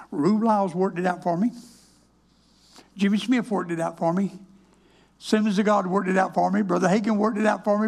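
Older guy preaching, husky voice, folksy and plainspoken with a wry streak. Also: high voice, darkish tone. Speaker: minister. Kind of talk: personal testimony sermon.

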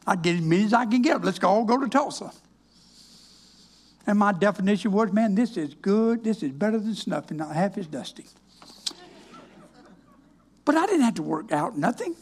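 A man's voice: high-pitched, lively intonation, normal speed, pauses often. An older man, a minister giving a folksy, plainspoken, wry personal testimony.

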